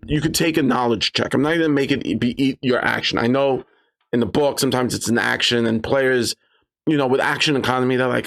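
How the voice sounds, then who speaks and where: A man talking casually about running tabletop games, telling stories animatedly and jumping into high voices to quote his players. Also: fairly quick, vocal fry, fairly bright tone. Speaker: game master giving advice. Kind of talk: casual advice talk with anecdotes.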